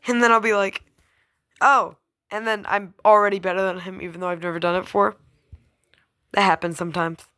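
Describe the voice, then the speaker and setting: A woman's voice: lowish voice, fairly bright tone. A young woman gaming YouTuber in casual chat to camera, rambling, giggling and teasing a friend as her thoughts trail off.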